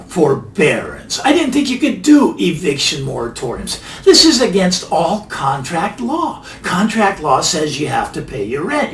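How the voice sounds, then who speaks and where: Emphatic man, lively roomy monologue. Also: sits high, slight background noise. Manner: emphatic, repeats phrases for effect. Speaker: finance channel host. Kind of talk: casual monologue commentary. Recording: roomy, mic a bit distant, faint ambience.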